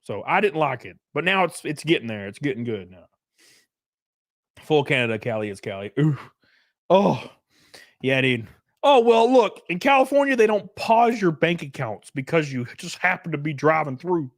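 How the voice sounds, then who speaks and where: A man's voice: fairly high pitch, big pitch swings, normal speed, dry recording, clean studio sound. A man in his thirties, a live streamer, ranting casually and profanely to his chat with sarcasm. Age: 30s.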